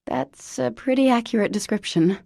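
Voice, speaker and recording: A woman's voice: a little high, normal speed, gravelly, warm tone, no echo, clean studio sound, pitched above the performer's own voice. A woman narrating an audiobook, voicing a weary heroine who answers hesitantly and politely, with fillers. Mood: awkward.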